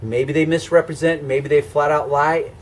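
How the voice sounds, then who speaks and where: A man's voice: a little high, little pitch movement, normal speed, a little hiss or hum. A man teaching car scratch repair in a hands-on demonstration, explaining step by step in a conversational, emphatic way. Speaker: car detailing instructor.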